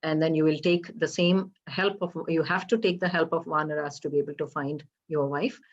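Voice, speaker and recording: A woman retelling a Hindu legend for a temple program, halting and explanatory, often pausing to ask her listeners questions. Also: sits low, fairly even intonation. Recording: slightly dull lo-fi recording.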